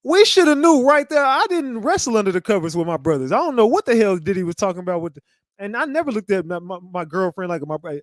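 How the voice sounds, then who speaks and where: A man giving a casual commentary rant, animated and mocking, often breaking into laughter. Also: high voice, quick pace, no room sound, clean studio sound. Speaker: commentary channel host.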